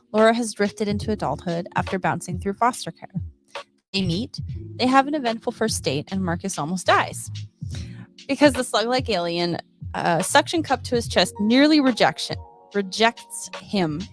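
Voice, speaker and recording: A woman co-hosting a casual comics talk show, joking sarcastically and reading blurbs. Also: medium pitch. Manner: playful, sarcastic, giggly. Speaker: podcast co-host at a comic shop.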